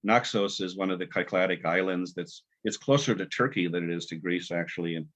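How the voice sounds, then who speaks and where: A poet guest telling stories in a rambling, halting way with many fillers, heard on a video call. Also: male voice, low-pitched, fairly bright tone. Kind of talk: casual storytelling and poetry reading. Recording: dull lo-fi video call audio.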